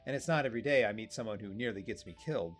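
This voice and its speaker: A man's voice: lowish voice, very fast, faint music behind, close to an everyday voice. A man voicing a curious, forward young woman from a video game, reading her lines in a chatty, eager manner.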